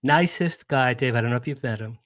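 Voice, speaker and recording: A man of medium pitch talks a little fast in a slightly bright voice as a guest on a radio show. He is a publicist, chatty and enthusiastic in this casual interview, rambling and restarting his sentences. The recording is studio quality with no echo.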